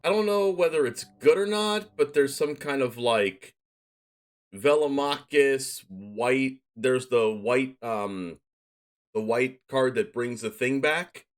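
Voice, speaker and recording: A young man streaming a card game, chatting to his viewers in a rambling, excitable way. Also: mid-range voice, slow pace. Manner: excitable, shouts and laughs at plays.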